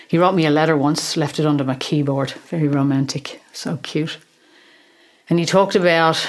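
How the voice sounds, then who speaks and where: A middle-aged woman, a counsellor, telling a candid and emotional personal story on her podcast, swearing casually now and then. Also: low-pitched.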